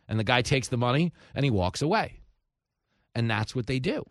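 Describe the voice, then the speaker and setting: A man, hosting a talk radio show with animated, sarcastic commentary. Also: medium pitch, normal speed, no room sound, clean studio sound. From New York.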